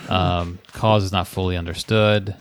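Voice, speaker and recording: A man's voice: low-pitched, little pitch movement, measured pace, clear, resonant tone, no echo. A man co-hosting a casual podcast, reading a listener's letter and a medical web page aloud with a laugh in his voice.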